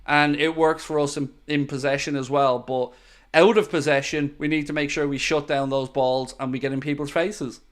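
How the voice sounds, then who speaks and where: A man hosts a live football watchalong, chatting casually as he thanks viewers and offers tactical opinions. His voice is a little high and clear with a resonant tone, moderate in pace and fairly flat in pitch.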